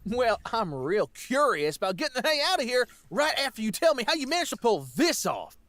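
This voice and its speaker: A woman's voice: a little high, big pitch swings, a little fast, fairly bright tone, no echo. A woman voicing a blunt, folksy young country man with a brash, plain-spoken drawl. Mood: wary. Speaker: voice actor reading a character.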